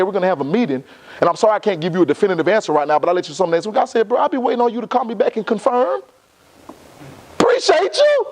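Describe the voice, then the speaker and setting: A young man speaks as a motivational speaker, leaning on each point and repeating lines for effect. His voice sits high for a man. He talks fast and keeps pushing forward. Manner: emphatic, repeats phrases for effect. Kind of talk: motivational talk to a live audience.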